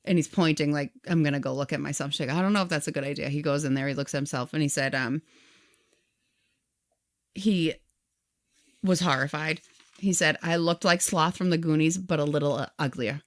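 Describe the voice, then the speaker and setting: A woman with a notably low voice tells a long story in casual podcast chat. She acts out the people in it by quoting them in their own words, and keeps the account moving. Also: a little fast, pauses often, no room sound, clean studio sound. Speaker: podcast co-host.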